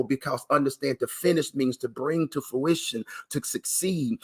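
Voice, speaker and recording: A man's voice: high voice, a bit bright, husky. A man giving a motivational talk to dialysis patients on a live stream, speaking emphatically and in a repetitive, preacher-like cadence while addressing listeners directly. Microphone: live stream to viewers.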